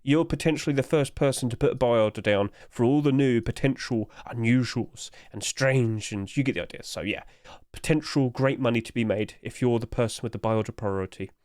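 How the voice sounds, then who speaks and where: Young man, casual tutorial talk, rambling, middle pitch, dry close sound. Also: a little fast, darkish tone, dry recording. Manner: rambling, breaks into laughter. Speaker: YouTuber giving trading tips. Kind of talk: casual screen-recorded tutorial.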